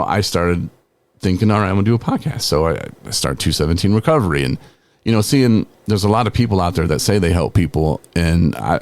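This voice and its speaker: A man's voice: sits low, a little mellow. A man in his forties hosting a podcast, telling a personal story in a casual, conversational way with frequent laughs and filler words. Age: 40s. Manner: casual, conversational, peppered with "man" and "you know"; laughs while telling stories. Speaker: podcast host.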